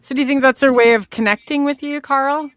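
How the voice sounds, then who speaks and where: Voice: high voice, steady tone, fairly quick, a bit bright, dry recording, studio quality. A podcast host making short remarks and asking a question. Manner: brief interjections. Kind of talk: casual chat.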